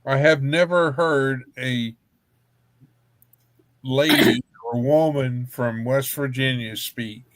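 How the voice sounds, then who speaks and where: A man's voice: mid-range voice, steady tone, slow pace, no echo. A man from Texas hosting a livestream in casual chat, rambling and joking with frequent laughs. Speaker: livestream host.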